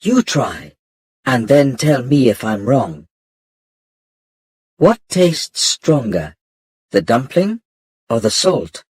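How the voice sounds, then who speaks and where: A calm old Chinese monk speaks with a Chinese accent, as a man reads him aloud. He talks slowly and quietly, a little breathy. The sound is close and dry. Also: medium pitch, no echo, full character voice. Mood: patient. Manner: slow, quiet, measured.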